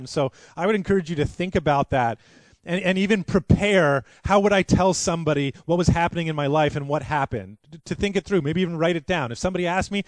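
A man's voice: a little high, no echo. A man preaching a sermon as pastor, earnest and conversational, with frequent restarts.

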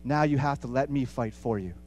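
A man preaching a sermon with passion, repeating phrases for emphasis and swinging between hushed and loud. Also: medium pitch, a little fast, slight background noise.

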